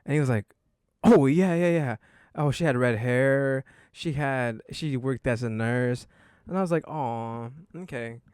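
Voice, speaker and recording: A man's voice: medium pitch, unhurried, clear, resonant tone, dry recording, clean studio sound. A young man hosting a casual podcast, telling a story in a rambling way full of fillers. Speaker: podcast host.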